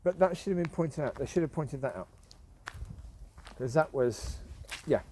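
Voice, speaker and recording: A man's voice: a little high, lively intonation, normal speed, dark tone, slight background noise. A man, rambling in a casual commentary while out walking his dogs in the woods. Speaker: vlogger. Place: outdoors in rural woods.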